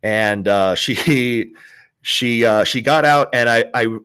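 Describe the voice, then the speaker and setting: A man's voice: medium pitch, slow pace, a bit bright, smooth. A man in his forties teaching a psychology class, talking casually with many fillers and restarts and playing out the voices of people in his story. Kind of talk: classroom lecture with anecdotes.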